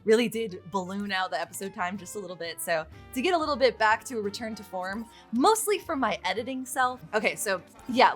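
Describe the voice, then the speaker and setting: A woman delivers let's play commentary in a chatty, excitable way, swearing freely. Her voice sits at a middling pitch but swings widely up and down as she reacts. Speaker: gaming YouTuber.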